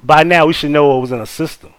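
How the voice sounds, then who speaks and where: A man's voice: on the high side, fairly even intonation, fast talker, a bit bright, clear, resonant tone, dry recording. A man hosting a live stream, giving blunt, profane, casual commentary and talking straight to his chat. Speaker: livestream host.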